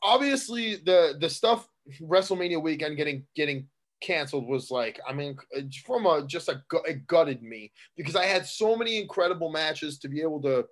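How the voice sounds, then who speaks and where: A man, a professional wrestler, talking as an interview guest in an excitable, rambling way, restarting his sentences often. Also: on the high side, normal speed. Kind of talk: casual interview chat.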